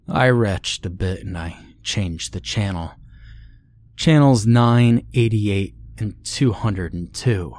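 A man narrating a scripted horror story in a measured, grim way. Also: lowish voice, darkish tone, dry recording.

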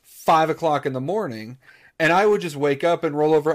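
Slightly high-voiced rambling podcast co-host. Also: male voice, a little fast. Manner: rambling storyteller, many restarts. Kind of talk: casual chat.

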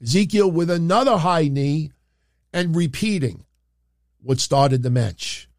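A man's voice: on the high side, lively intonation, takes it slowly, no echo, clean studio sound. A man hosting a casual wrestling recap, chatting straight to his viewers with plenty of fillers. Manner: chatty, addresses the audience directly, many fillers. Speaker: wrestling show host.

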